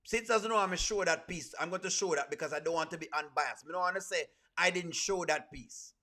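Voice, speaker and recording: A man with a Jamaican accent giving lively live reaction commentary, mixing patois into his English. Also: sits high, fast. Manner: animated, mixes patois with standard English. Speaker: reaction streamer.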